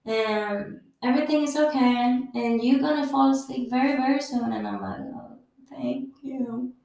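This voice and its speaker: A woman's voice: sits high, normal speed, creaky, a little mellow. A woman hosting a podcast, telling a personal story candidly in non-native English, swearing freely and acting out what others said. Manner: candid, swears freely, acts out quoted people. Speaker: podcast host. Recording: very echoey room, mic far off.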